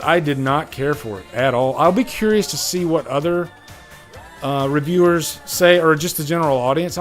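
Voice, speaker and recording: A man hosting a casual live Q&A stream, chatty and emphatic, often checking in with "all right?" into a studio mic. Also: a little high. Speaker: livestream host. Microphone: studio condenser mic.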